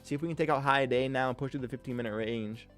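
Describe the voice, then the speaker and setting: A man's voice: medium pitch, very fast, faint music behind. Hype male day-trading streamer. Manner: hype, calls viewers "King", slangy and upbeat. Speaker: day-trading livestream host. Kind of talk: casual live-stream chat, reading viewer comments.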